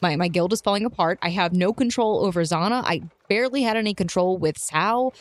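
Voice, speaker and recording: A woman's voice: mid-range voice, fairly quick, no room sound, close to an everyday voice. A woman voicing an anxious, self-doubting female guild leader who talks hesitantly.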